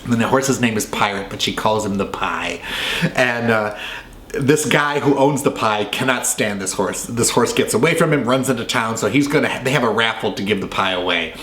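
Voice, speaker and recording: A man's voice: fairly low pitch, moderate pace, fairly bright tone. Chatty man reviewing old films. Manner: chatty, enthusiastic, rambling asides. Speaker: film review host. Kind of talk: casual film commentary. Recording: roomy echo, faint ambience.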